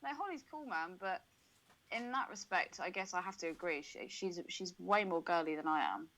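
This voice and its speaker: A woman's voice: on the low side, normal speed, a bit bright, poor audio. Crude, laughing woman podcaster. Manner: crude, swearing, laughs often. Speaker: podcast co-host. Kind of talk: casual podcast chat.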